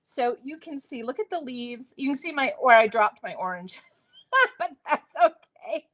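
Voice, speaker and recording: A woman's voice: high voice, big pitch swings, unhurried, fairly bright tone. A woman hosting a live crafting demonstration, chatty and self-deprecating, laughing at her own slips. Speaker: crafting host.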